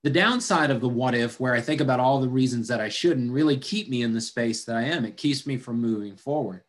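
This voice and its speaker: Guy preaching a sermon, chatty and relaxed, mid-pitched voice, slips into funny voices for the people in the story. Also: fairly quick. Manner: conversational, acts out quoted voices with humor. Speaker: pastor.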